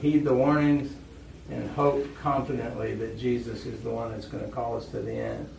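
Gravelly pastor preaching in an echoey hall. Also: male voice, mid-range voice, flat delivery, moderate pace, darkish tone, a little hiss or hum. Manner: storytelling, asks the congregation questions. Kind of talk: sermon. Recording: echoey room, voice from far off.

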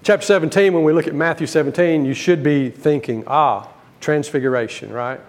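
A man preaching a Bible teaching sermon, emphatic, rising to stress key words and dropping low between them. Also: a little fast.

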